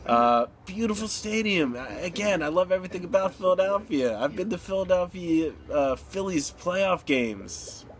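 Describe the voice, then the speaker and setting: A middle-aged man ranting casually about football, animated, exclaiming and laughing as he talks. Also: sits high, normal speed, few pauses. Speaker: sports betting vlogger. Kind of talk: casual sports rant.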